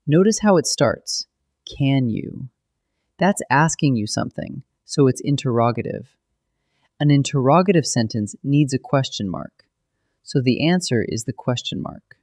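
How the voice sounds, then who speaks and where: Male narrator for a scripted school lesson; patient, clear explainer, recorded dry. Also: medium pitch, big pitch swings, moderate pace, a little mellow, no room sound. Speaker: grammar teacher.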